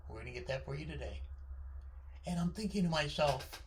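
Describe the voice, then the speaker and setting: A man in his fifties telling a personal childhood story in an excitable, animated way, stumbling over repeated words. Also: fairly high pitch, fairly quick, long pauses. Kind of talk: personal story told to an audience.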